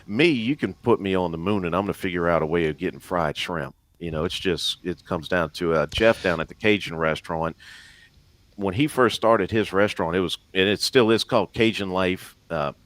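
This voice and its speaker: Man, Louisiana accent, very deep voice, casual storytelling, jokes at his own expense. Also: moderate pace, a bit bright, no room sound. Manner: rambling storyteller, self-deprecating. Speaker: guest. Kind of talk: casual live-stream chat.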